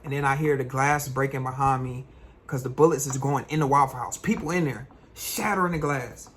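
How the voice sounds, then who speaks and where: A young man, a vlogger, tells a personal story in an animated, slangy way. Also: medium pitch, fairly quick, a little hiss or hum. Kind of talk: storytime vlog.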